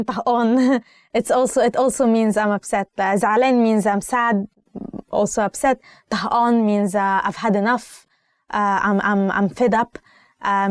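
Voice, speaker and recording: Young egyptian woman teaching phrases, talks fast, lots of uhs, dry close sound. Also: mid-range voice, a little mellow, no echo. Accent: Egyptian Arabic. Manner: explains phrases, repeats them, many "uh" fillers. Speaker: language teacher. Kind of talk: casual language lesson.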